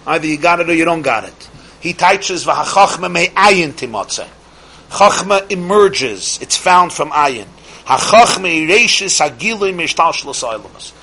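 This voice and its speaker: Bright-voiced man teaching emphatically. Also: fairly high pitch, lively intonation, a little hiss or hum, poor audio. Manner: emphatic, asks rhetorical questions; shifts between slow stretched phrases and quick asides. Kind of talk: religious lecture.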